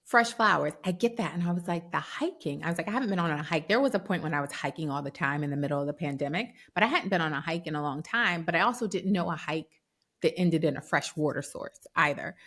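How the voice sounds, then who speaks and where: A woman's voice: low-pitched, fast. A woman in her thirties co-hosting a casual chat podcast, telling stories with lots of animation and acting out what others said. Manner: animated storyteller, acts out quoted dialogue. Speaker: podcast co-host.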